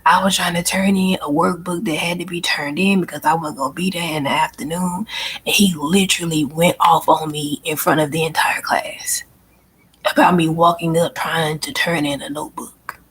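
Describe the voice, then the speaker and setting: A woman's voice: sits low, fairly even intonation, moderate pace, a bit bright, husky. A woman hosting her own channel, venting bluntly and emphatically in a casual monologue, often swearing and repeating herself. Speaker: channel host and life coach.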